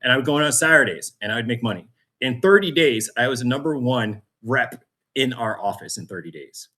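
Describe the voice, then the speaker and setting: A man's voice: mid-range voice, lively intonation, brisk, bright, forceful tone. A man as a podcast guest, telling his story with energy, acting out other people's voices and laughing often. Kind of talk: storytelling interview.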